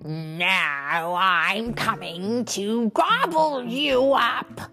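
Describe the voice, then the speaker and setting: A woman voicing a big, grumpy male troll who roars slow, drawn-out threats in a storybook reading. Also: medium pitch, sharp tone, faint music behind, heavily acted. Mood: roaring.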